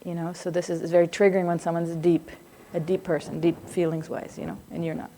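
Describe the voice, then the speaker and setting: A woman's voice: lowish voice, little pitch movement, fast, dark tone, a little hiss or hum. A middle-aged woman lecturing a live class on psychology in a loose, conversational way, often breaking off to check in with students. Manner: conversational, digressive, laughs easily.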